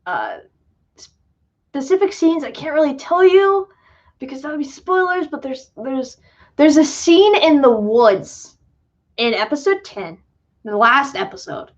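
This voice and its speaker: Giggly high-voiced woman on a livestream. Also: lively intonation, unhurried. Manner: chatty, self-deprecating, giggly, many fillers. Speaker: livestream host and filmmaker. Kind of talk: casual livestream Q&A chat. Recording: dull lo-fi sound.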